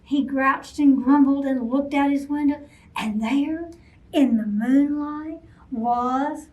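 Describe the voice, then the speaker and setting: A woman, a children's librarian, reading a picture book aloud at bedtime, gentle and expressive, asking the kids questions. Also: high-pitched, slow. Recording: voice from a distance off mic.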